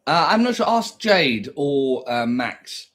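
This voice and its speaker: A man streaming live on his own, his voice leaping up and down as he rambles and hums bits of songs. He drifts from chatty asides into crude, mocking rants, his pitch sitting a little high for a man. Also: very animated, takes it slowly, a bit bright. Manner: sing-song humming and crooning between talk, swings into mocking rants. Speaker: livestreamer. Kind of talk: rambling solo livestream chat.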